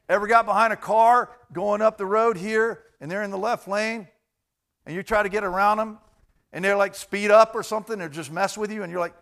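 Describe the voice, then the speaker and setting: Preacher man with loud bursts. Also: sits high, fairly even intonation, moderate pace, gravelly. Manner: swings between loud emphatic bursts and quiet asides; speaks directly to the congregation. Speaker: pastor. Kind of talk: sermon.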